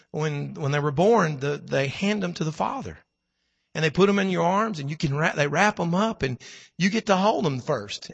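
A middle-aged man preaching a sermon with a hoarse voice, swinging between fervent preaching and quiet storytelling. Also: high-pitched. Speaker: pastor. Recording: long hall reverb.

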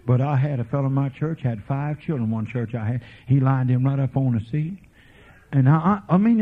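A man preaching a revival sermon as a folksy evangelist, swinging from quiet murmurs to fervent preaching. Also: high-pitched. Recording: tinny lo-fi sermon tape.

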